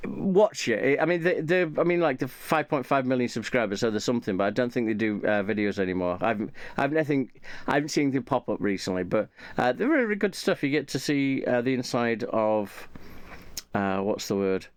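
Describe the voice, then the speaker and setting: A man's voice: mid-range voice, animated, a little fast, dry recording. A man chatting casually and rambling, with many fillers and restarts. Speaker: channel host.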